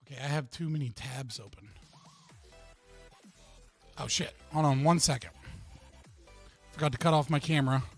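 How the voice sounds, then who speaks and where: A man's voice: on the high side, steady tone, moderate pace, pauses often, faint music behind. An American man hosting a casual livestream, joking and rambling with frequent laughs. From United States. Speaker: streamer and debate host.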